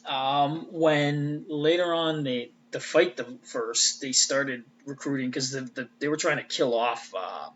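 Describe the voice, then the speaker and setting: A man's voice: mid-range voice, slow, few pauses, fairly bright tone, lo-fi sound, slight background noise. A man giving a casual, rambling fan recap. He swears freely and often trails off and restarts. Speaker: fan commentator.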